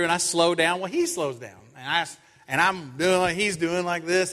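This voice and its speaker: A middle-aged man preaching a sermon in a church, an animated storyteller who acts out his own lines in stories. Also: fairly high pitch, moderate pace, hardly any pauses. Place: church sanctuary. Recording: long church hall reverb.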